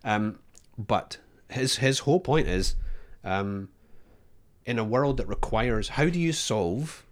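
A man's voice: mid-range voice, lively intonation, takes it slowly. A man co-hosting a podcast, talking casually with many restarts and fillers. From Australia. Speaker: podcast co-host.

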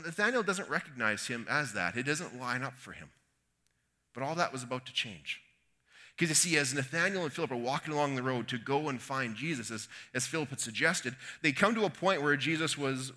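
Bright-voiced Canadian man preaching casually. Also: mid-range voice. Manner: conversational storytelling with quoted voices; folksy asides. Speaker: pastor. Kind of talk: sermon.

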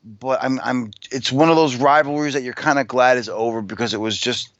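A man's voice: mid-range voice, a little fast, fairly bright tone, dry recording. A man co-hosting a casual podcast, wry and sarcastic, giving frank opinions. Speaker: podcast co-host. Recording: dull, dry lo-fi recording.

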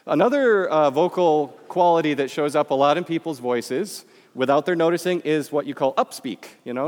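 A man's voice: fairly high pitch, moderate pace, hardly any pauses, a little mellow, big-room sound. A man from Michigan with a Midwestern American accent, giving a public talk in a conversational, joking way and speaking straight to the audience. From Michigan, USA.

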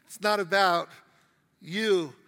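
High-voiced preacher man in a reverberant hall. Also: steady tone, takes it slowly, bright, forceful tone. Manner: humorous storytelling with acted quotes. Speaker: pastor. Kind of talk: sermon.

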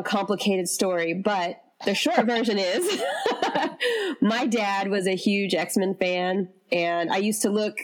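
A woman from the Southern United States, a podcast guest, telling stories in casual chat and laughing often. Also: medium pitch. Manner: laughs often, animated storytelling.

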